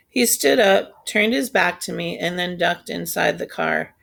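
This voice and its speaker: A woman reading a children's novel aloud in a steady, unhurried storytelling voice. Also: lowish voice, creaky. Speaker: audiobook reader. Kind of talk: scripted narration.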